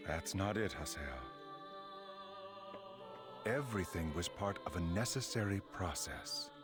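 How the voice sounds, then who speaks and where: Super deep calm cryptic game mastermind, slow measured lines, clear music underneath. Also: male voice. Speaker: video game character. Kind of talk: dubbed video game cutscene.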